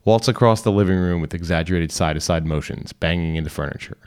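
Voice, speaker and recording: Very deep-voiced man reading a story. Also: fast talker, smooth. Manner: calm, instructional second-person reading. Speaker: reader. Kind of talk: scripted narration.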